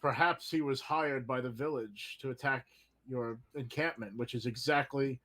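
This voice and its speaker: A man playing a tabletop game in character, arguing his case in a calm, reasoned way. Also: medium pitch, normal speed. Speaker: player.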